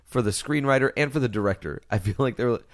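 A man's voice: mid-range voice, quick pace, no room sound, clean studio sound. A man co-hosting a podcast, chatting casually about a bad movie and laughing often. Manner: laughs often, jokey asides. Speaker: podcast co-host. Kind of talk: casual movie-review chat.

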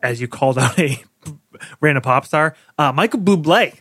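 An American man co-hosting a podcast in casual chat, relaxed and wry with dry jokes. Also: a little high, normal speed, slightly rough, no echo. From United States. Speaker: podcast co-host.

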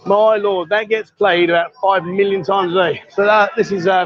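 A man's voice: high-pitched, fairly even intonation, normal speed, few pauses, highs cut off. A man hosting a casual walkabout livestream outdoors, chatty and jokey, calling out greetings to people he passes. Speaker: livestream host. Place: outdoor street market at night.

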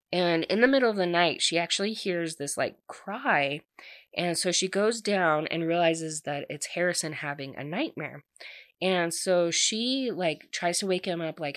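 Woman, young adult, casual storytelling, chatty asides, lowish pitch, dry sound. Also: fairly bright tone, no room sound. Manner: chatty, peppered with "like", laughing asides.

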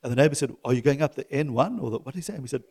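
A middle-aged man preaching a sermon to his church, swinging from loud exhortation to soft, chuckling asides. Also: medium pitch, animated, very fast, creaky, slightly rough. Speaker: pastor.

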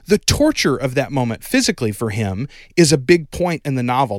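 A man co-hosts a casual movie-review podcast. He talks at a middle pitch in a rambling, wry way and corrects himself as he goes. The sound is dry and close. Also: dry recording. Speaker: podcast co-host.

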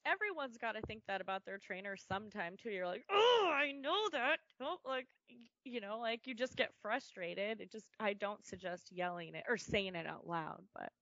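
A woman's voice: medium pitch, moderate pace, no room sound. A woman guest on a podcast, telling stories in casual chat and acting out what people said. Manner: lively storyteller who acts out quotes. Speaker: podcast guest, comedic video creator. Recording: dull, dry lo-fi podcast audio.

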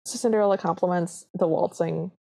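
A woman's voice: lowish voice, brisk, vocal fry. A woman co-hosting a podcast, casually recapping a film and acting out its lines as she retells the scenes. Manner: animated retelling, quotes characters in a lightly changed voice. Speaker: podcast co-host.

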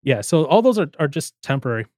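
A man's voice: on the high side, big pitch swings, fast, darkish tone, no room sound. Guy telling a story on a podcast, acts out the lines, dry close sound. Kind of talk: casual chat.

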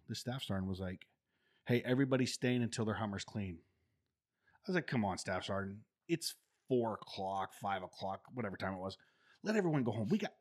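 In a low, slightly rough voice, a middle-aged ex-Marine shares casual stories. He's animated, laughs frequently and gives voice to the people he quotes.

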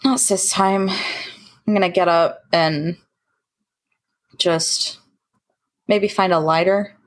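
A woman taking part as a player in a tabletop game, talking in a slow, easygoing way. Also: fairly low pitch, fairly even intonation, poor audio. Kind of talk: casual tabletop play.

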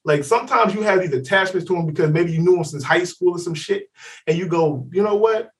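This man talks fast in a high voice, picked up by a distant mic. Co-hosting a podcast, he tells a story casually, cursing a lot and performing other people's lines with lively energy.

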